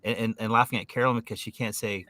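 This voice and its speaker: A man's voice: on the low side, steady tone, rapid-fire, bright, forceful tone, dry recording. A British man co-hosting a live chat show, joking around and often restarting his sentences. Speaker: co-host. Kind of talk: casual chat.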